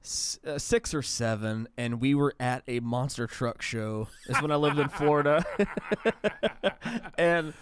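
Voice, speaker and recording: A podcast co-host with a clear, resonant, mid-range voice talks a little slowly in casual chat. He rambles and often restarts his sentences.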